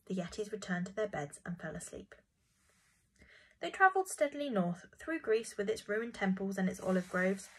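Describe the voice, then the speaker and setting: A woman reads a children's storybook aloud with gentle expression. Her voice sits in the middle range and has a soft, breathy edge. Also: medium pitch, poor audio. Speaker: narrator.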